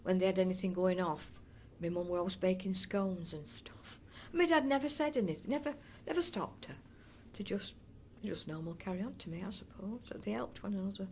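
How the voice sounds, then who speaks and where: A woman's voice: medium pitch, expressive, brisk, few pauses, darkish tone, a little hiss or hum. An older woman, reminiscing in a chatty, rambling way as an oral history interviewee. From North East Derbyshire area of England. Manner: chatty and rambling, with frequent restarts and fond asides.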